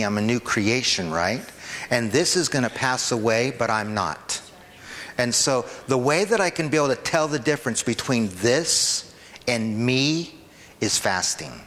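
A man's voice: mid-range voice, a bit bright, in a large hall. A man preaching a sermon in an informal, conversational way, often checking in with the congregation. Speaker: pastor. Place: church hall.

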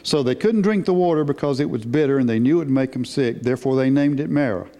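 A man delivers a sermon in a mellow, relaxed voice, emphatic and unhurried, often putting questions to his listeners. His voice carries a long reverb from a large church hall. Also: mid-range voice. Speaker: preacher.

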